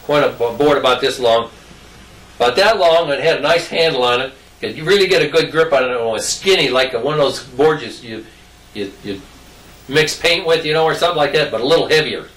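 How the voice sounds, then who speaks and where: A man's voice: mid-range voice, brisk, a bit bright. An older man telling childhood stories in a rambling, folksy way. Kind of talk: casual storytelling. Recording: roomy distant mic, faint noise.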